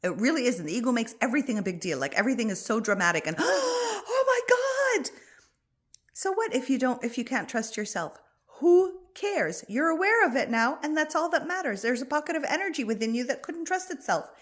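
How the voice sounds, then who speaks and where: Gentle, reassuring woman coach. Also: a little high, big pitch swings, fast. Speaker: spiritual coach. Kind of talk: heartfelt spoken advice to an online group.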